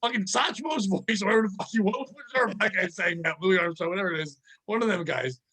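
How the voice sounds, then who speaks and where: A man co-hosting a comedy podcast, excitable and profane, laughing often. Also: high-pitched, quick pace, slightly rough, rough recording. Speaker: podcast co-host. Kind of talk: casual comedic banter.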